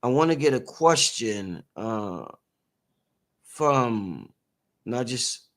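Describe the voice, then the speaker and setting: A man hosting a live-streamed interview, energetic and chatty, calling out to viewers as y'all. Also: medium pitch, extremely slow. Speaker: host.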